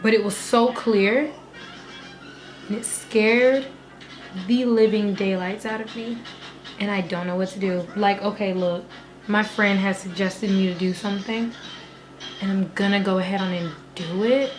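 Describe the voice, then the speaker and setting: A woman's voice: medium pitch, steady tone, measured pace, faint music behind. A young woman vlogging casually from her bedroom, chatty, swearing freely and laughing between thoughts. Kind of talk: casual vlog.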